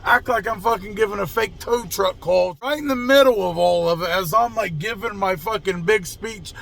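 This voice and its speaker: A man's voice: high-pitched, moderate pace, vocal fry, fairly bright tone. A young adult man, a mobile mechanic, casually telling a story to camera in a blunt, profane, conversational way. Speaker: mobile mechanic and channel host.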